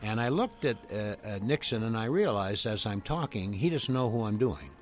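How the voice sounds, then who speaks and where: Older Canadian man telling animated stories. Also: lowish voice, moderate pace, faint music behind. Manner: lively, animated storyteller who slips into other voices. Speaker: guest, impressionist and entertainer. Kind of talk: anecdotal storytelling on a radio interview. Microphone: telephone call-in.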